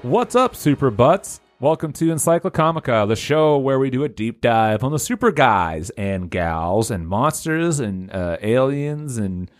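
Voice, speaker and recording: Male podcast host, animated delivery, casual banter, halting with fillers, dry close mic. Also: medium pitch, dry recording, faint music behind. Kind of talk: casual comedy podcast chat.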